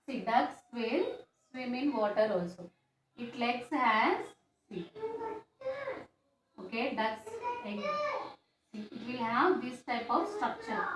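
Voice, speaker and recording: Woman teacher, high voice, slow repetitive classroom delivery, echoey room. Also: expressive. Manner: slow, repetitive explaining with question tags. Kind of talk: classroom science lesson. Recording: echoey room, faint background noise.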